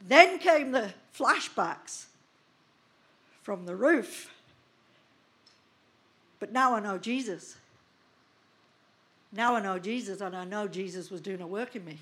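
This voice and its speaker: In a sermon, a woman pastor in her sixties shares a personal testimony, her medium-pitched voice carrying lively storytelling that acts out each scene.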